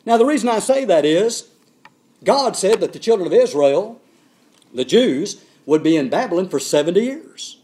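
Male preacher, lively pitch, emphatic, swings between booming and hushed delivery. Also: normal speed. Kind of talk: sermon.

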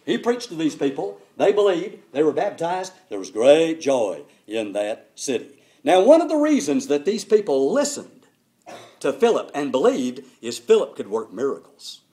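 Older male preacher, sermon, lively pitch, slightly high voice, emphatic storytelling. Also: moderate pace.

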